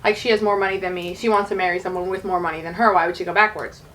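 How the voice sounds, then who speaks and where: A woman's voice: fairly low pitch, fairly even intonation, rapid-fire, background noise. A young woman telling a story in casual chat, full of "like" and quoted lines. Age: young adult. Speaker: YouTuber retelling a musical's plot.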